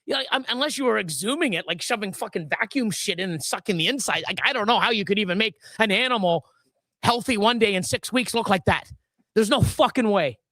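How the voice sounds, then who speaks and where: A woman's voice: medium pitch, lively intonation, a little fast, a bit bright, no echo. Brief: woman host, angry profane rant, restarts often, dry close mic. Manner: furious, profane, many restarts. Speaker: livestream host. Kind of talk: angry live-stream rant.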